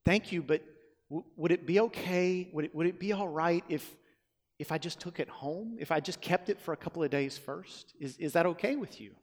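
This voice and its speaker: A man's voice: fairly high pitch, moderate pace, natural voice. A man voicing a worn, hesitant 39-year-old woman who has lived hard on the street, in a reverberant hall. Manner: hesitant, stumbling. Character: weary 39-year-old street woman, tough but soft.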